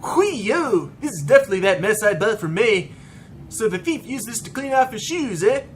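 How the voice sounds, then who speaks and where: A man's voice: high voice, animated, fairly quick, bright, forceful tone. A man voicing a chatty, folksy townsman with a put-on old-timey rural drawl. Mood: amused.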